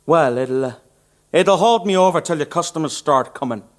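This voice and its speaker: A man's voice: fairly high pitch, lively intonation, normal speed, close to an everyday voice. A man with an Irish accent playing a swaggering con-man barber who poses as an Italian in a radio musical drama, with a mocking, wheedling drawl. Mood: menacing.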